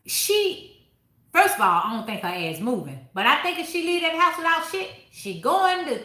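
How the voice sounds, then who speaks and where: A woman's voice: sits high, big pitch swings, normal speed, pushed and bright, roomy sound. A woman hosting a book club review in casual chat, talking bluntly and with plenty of profanity, and breaking off to answer viewers mid-sentence.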